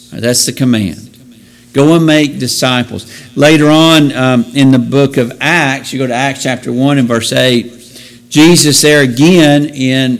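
A man teaching a Bible lesson in an explanatory way, asking rhetorical questions and correcting himself as he goes. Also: mid-range voice. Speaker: preacher.

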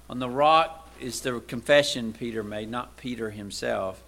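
Bright-voiced man preaching a conversational sermon. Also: normal speed, vocal fry, few pauses. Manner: conversational, asks the listeners rhetorical questions; swings between loud emphatic lines and quiet low asides.

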